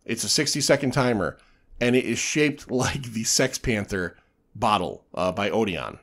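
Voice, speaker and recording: A man's voice: on the low side, expressive, moderate pace, a bit bright. A man hosting a casual podcast, rambling with many restarts and laughing often as he talks through a party game. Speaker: podcast host.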